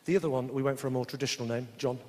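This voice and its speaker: Brief: quick male comedian working a live audience, voice bouncing around the hall over noticeable crowd noise. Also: mid-range voice, fairly even intonation. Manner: quick banter with the audience and frequent tag questions. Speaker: stand-up comedian. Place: theatre stage before a live audience. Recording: echoey theatre with audience noise.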